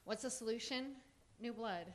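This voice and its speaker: A middle-aged woman, a teacher giving an earnest prepared statement at a public forum. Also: on the high side. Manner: earnest, measured, reading a speech.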